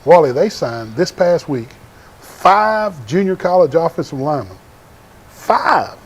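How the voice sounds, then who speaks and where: A man's voice: fairly high pitch, sing-song, unhurried, husky. A man co-hosting a casual sports talk show, chatty and enthusiastic.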